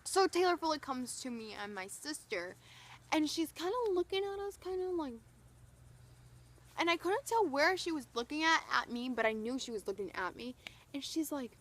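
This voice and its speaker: A young woman vlogging, telling an excited story in a gushing, breathless way, full of "like" and "oh my gosh". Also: sits high, moderate pace.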